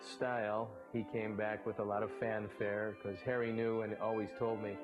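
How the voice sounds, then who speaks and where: A man, a former baseball broadcaster, telling anecdotes in a relaxed storytelling way. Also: lowish voice, normal speed, lo-fi sound, music in the background. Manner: relaxed raconteur, briefly mimics others in quotes.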